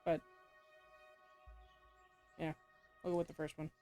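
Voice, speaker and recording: A woman with a fairly low voice reads a story game's text aloud, stopping now and then for casual remarks of her own. She laughs often and corrects her own slips as she goes. Faint game music plays in the background. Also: little pitch movement, takes it slowly, warm tone. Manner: frequent laughs and self-corrections while reading. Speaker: game player.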